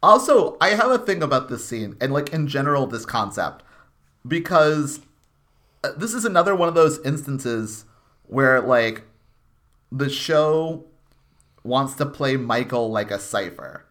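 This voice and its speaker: A man co-hosting a podcast, talking casually at a middle pitch. He riffs in halting bursts, restarting thoughts and padding them with "like.". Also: very animated, a bit bright. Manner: halting, riffing, full of restarts and "like". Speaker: podcast co-host. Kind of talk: casual chat.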